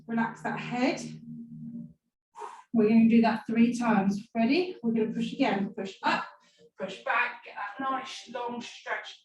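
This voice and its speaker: A woman's voice: a little high, steady tone, measured pace, crowd noise. A woman leading a stretch class, giving playful, encouraging cues. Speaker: fitness instructor. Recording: echoey room, far from mic, music behind. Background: background music.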